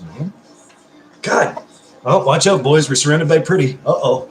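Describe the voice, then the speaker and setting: Male livestream host, 30s, casual and sweary, medium pitch, echoey room. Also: expressive, normal speed, a little hiss or hum. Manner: chatty and affectionate, swears freely.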